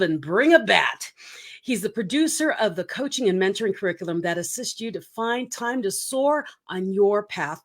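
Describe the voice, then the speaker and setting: A middle-aged woman from the Philippines hosts an online interview show. She talks with effusive enthusiasm and laughs easily. Her voice sits at an ordinary mid pitch. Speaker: show host.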